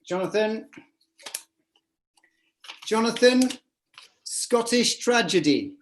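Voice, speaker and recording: A woman's voice: on the high side, lively intonation, slow pace, echoey room, a little hiss or hum. A woman hosting a live online improv show over a video call, chatty and hesitant, full of fillers and restarts. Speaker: host.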